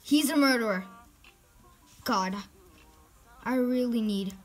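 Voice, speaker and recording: A woman giving excitable live gameplay commentary as a channel host, reacting loudly and dropping to whispers when sneaking. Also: on the high side, slow pace, soft background music.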